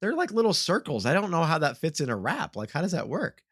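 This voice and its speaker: A man's voice: fairly high pitch, huge pitch swings, quick pace, fairly bright tone, husky, no room sound, clean studio sound. A man hosting a podcast in casual chat, rambling through long questions with many restarts. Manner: rambling, full of fillers and restarts. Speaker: podcast host.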